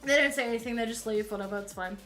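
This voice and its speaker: A woman's voice: on the high side, rapid-fire, fairly bright tone, faint music behind. A woman streamer telling a story casually, rambling along with plenty of fillers while she paints at home.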